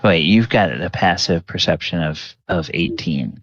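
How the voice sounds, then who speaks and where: A man running a tabletop game as game master, narrating slowly with many pauses and fillers. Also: low voice, expressive, a bit bright, no echo. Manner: slow, halting narration with many ums. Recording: slightly dull, lo-fi recording.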